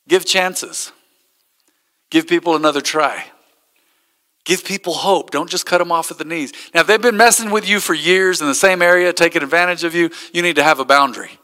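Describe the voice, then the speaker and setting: A man's voice: on the high side, a little fast, sharp tone, long reverb tail. A man, a pastor, preaching a sermon and telling stories with acted-out quotes. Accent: American.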